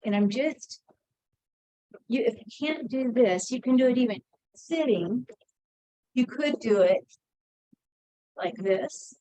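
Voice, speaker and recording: Warm-toned and a little high, she speaks slowly with long pauses while leading an energy routine, describing each movement and slightly out of breath. Her manner is chatty and encouraging in a casual demonstration; the low-quality recording has no room sound.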